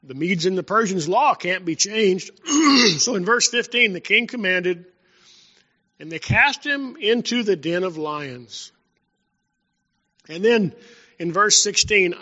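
High, bright-voiced preacher in a hall. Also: male voice, animated, a little slow. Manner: storytelling preacher, rising and dropping in volume. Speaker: pastor. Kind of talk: sermon. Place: church sanctuary. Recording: dull sound in a long-reverb hall.

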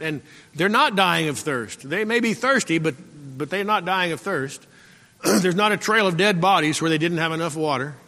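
Male pastor, sermon, fairly high voice, repetitive exhortation, throat clearing, long echo of a church hall. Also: bright, forceful tone. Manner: repetitive, exhorting, calls out "Amen?". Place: church sanctuary.

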